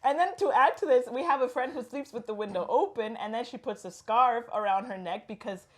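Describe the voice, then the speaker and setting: A woman's voice: fairly high pitch, fairly quick. A woman in her thirties from Latin America, hosting a casual chat and telling stories with quoted dialogue and laughter. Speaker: host.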